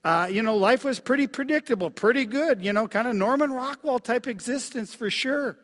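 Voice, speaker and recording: High-voiced man preaching in a reverberant hall. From Minnesota, USA. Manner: reflective, halting, with many fillers and soft dips. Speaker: pastor. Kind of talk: sermon. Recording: long reverb of a large hall.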